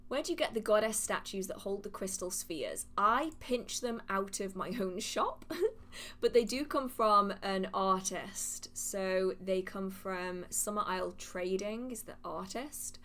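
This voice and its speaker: A woman hosting a live witchcraft Q&A, chatty and animated, laughing often as she reads questions from the chat. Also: medium pitch, unhurried. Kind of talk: casual livestream Q&A, reading chat questions aloud.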